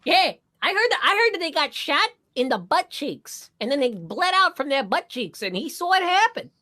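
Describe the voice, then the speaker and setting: A man's voice: very high-pitched, sing-song, moderate pace, bright, forceful tone, exaggerated voice. A man playing a cocky, dim rich husband with fake airs, who rambles and stammers through improvised murder-mystery comedy. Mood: boastful.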